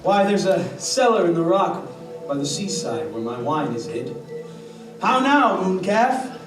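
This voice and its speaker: Dude acting a sloshed boastful butler, high voice, slow, far off in an echoey theater. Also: male voice, very animated. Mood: tipsy. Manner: boisterous, tipsy, blustering. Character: drunken swaggering male butler, adult. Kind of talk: live stage acting. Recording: echoey, distant stage mic with music.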